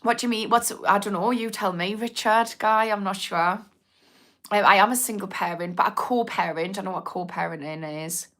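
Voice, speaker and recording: This young Newcastle woman, Geordie accent and all, talks at normal speed in a medium-pitched, fairly bright voice. She's chatting casually live, rambling, laughing and reading viewer comments out loud.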